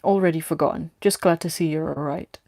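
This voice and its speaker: A woman voicing a calm, forgiving woman in a read-aloud story. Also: sits low, a little fast, vocal fry, no room sound, studio quality.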